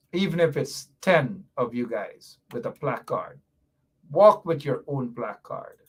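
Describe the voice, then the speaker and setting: A man hosting a political commentary show, emphatic and repetitive, with a mocking edge. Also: mid-range voice. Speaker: show host.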